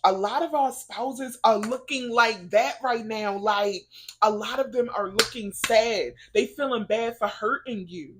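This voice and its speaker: Animated, emotional woman vlogger. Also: on the high side, unhurried, a little hiss or hum. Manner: chatty storytelling, lots of "like". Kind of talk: casual faith-based chat.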